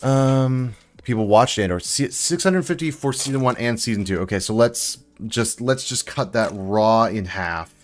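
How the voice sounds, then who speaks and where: A man's voice: mid-range voice, normal speed, hardly any pauses, soft background music. A man hosting a casual building live stream, rambling and chatting with viewers as he works. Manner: chatty, rambling, answers chat while building. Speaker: livestream host building sets.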